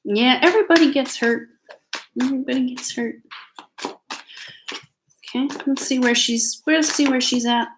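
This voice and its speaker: This tarot reader has a high voice and takes her time, pausing frequently against a noisy background. Reading live from her home with family sounds close by, she speaks with a Canadian accent and keeps things chatty and comforting, often using fillers and starting over.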